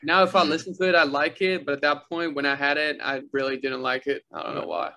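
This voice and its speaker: A young man from Uruguay, a college basketball player answering interview questions softly with many pauses. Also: a little high, slight background noise. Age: young adult. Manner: soft-spoken, many "uh" fillers.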